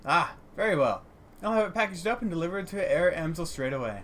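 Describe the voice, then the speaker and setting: A man's voice: high voice, animated, brisk, a bit bright, a little hiss or hum, pitched above the performer's own voice. A man voicing a polite, shrewd female dwarf shopkeeper in a role-playing game. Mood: courteous. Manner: formal, courteous trader.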